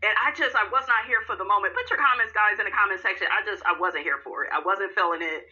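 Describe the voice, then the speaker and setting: A woman hosting a reality TV recap, sassy and animated, calling her listeners honey and girl. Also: mid-range voice, quick pace, dull audio. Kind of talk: casual recap commentary.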